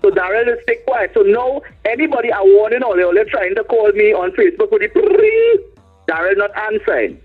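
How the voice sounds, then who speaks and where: A man with a high, husky voice spins bawdy stories on air, acting out his callers as he goes. The sound is narrow and phone-like, with faint music underneath. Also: normal speed. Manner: animated storyteller acting out callers. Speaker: radio co-host. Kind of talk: bawdy comedic radio chat.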